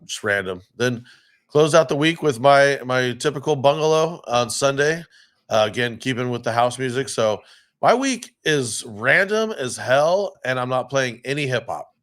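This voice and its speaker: A man's voice: medium pitch, fairly bright tone. A man co-hosting a podcast, a DJ telling rambling gig stories in casual chat, swearing and acting out the people he quotes. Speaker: podcast co-host, DJ.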